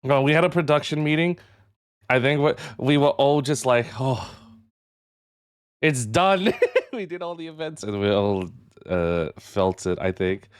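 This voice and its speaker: A man's voice: mid-range voice, moderate pace, clear, resonant tone. A man streaming live, chatting casually with his viewers and greeting chat members one by one. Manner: animated, jumps up into excited yelps.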